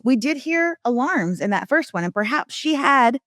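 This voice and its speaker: Woman host, joking and animated, high voice, dry studio mic. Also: moderate pace, no echo. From Southern US. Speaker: podcast host. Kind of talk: casual comedic chat.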